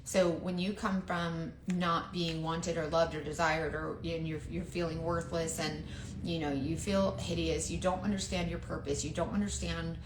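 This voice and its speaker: A woman's voice: low voice, level tone, normal speed, echoey room, a little hiss or hum. A woman who chats casually while doing her makeup, rambling, confiding and often trailing off. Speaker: makeup seller and vlogger.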